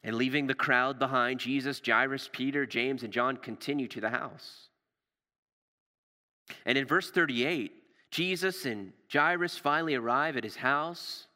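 A male pastor preaching a sermon in a storytelling way, rising for drama and dropping low and soft for tender moments. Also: a little slow, big-room sound.

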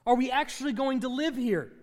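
A man's voice: extremely high pitch, brisk, a little mellow, big-room sound. A man preaching a sermon as pastor, asking his congregation questions and letting his voice rise and fall.

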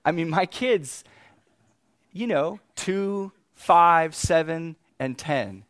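A man in his thirties preaching, telling a family story with animated swings between exasperated outbursts and quiet reflection. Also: fairly high pitch, drawn-out words, dry recording, clean studio sound. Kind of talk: sermon storytelling.

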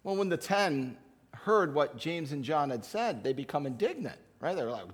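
A man with a high voice preaches a sermon in a loose, conversational way. He slips into short acted asides as different Bible characters while he tells the story. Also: big pitch swings, normal speed. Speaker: pastor.

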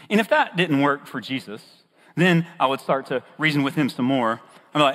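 Lively, husky-voiced preacher. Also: male voice, mid-range voice, moderate pace. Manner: lively, storytelling, playful. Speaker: pastor. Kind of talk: sermon. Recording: long reverb of a large hall.

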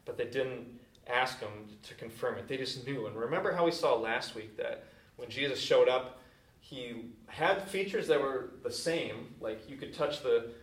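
A man's voice: medium pitch, lively intonation, moderate pace. A man preaching a sermon as a pastor, telling a story in a casual, conversational way. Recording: echoey room from a distant mic.

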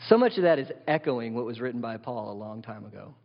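A man preaches from the pulpit in an animated way and keeps putting questions to his listeners. His voice sits at an ordinary middle pitch. The sound is dull and lo-fi, and a long reverb trails through a large hall. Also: fast talker, gravelly. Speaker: pastor. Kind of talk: sermon.

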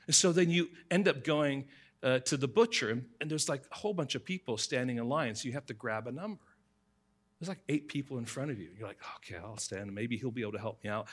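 A man's voice: medium pitch, a bit bright. A man preaching a sermon, speaking directly to the congregation and telling everyday stories to illustrate scripture. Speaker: pastor.

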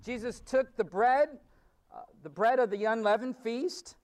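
A man's voice: very high-pitched, measured pace, darkish tone, far from the mic, a little hiss or hum. A man preaching a sermon as pastor, teaching in a conversational way with fillers and restarts.

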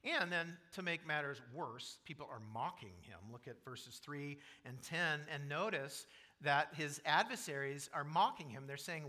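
A pastor preaching a sermon, explaining scripture in an earnest way and asking the congregation questions. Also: male voice, on the high side, moderate pace, bright, forceful tone.

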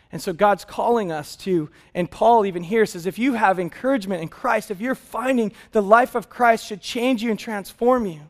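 A man in his thirties preaching a sermon as pastor, telling a family story with animated laughs. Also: sits high.

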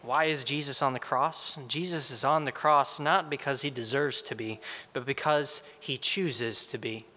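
A man giving a slow, earnest Good Friday meditation as a preacher. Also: fairly high pitch, bright, forceful tone, long reverb tail. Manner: slow, earnest, reflective delivery.

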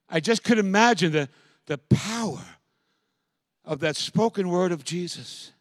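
Male pastor, fairly high voice, fervent sermon delivery, dry close mic. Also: a little slow, long pauses, no echo. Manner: builds from quiet reflection to loud, impassioned preaching.

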